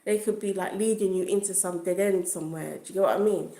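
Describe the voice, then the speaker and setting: A woman's voice: mid-range voice, fast, mellow. A woman telling a casual story on a livestream, chatty and full of asides like "do you know what I mean.". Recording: echoey room.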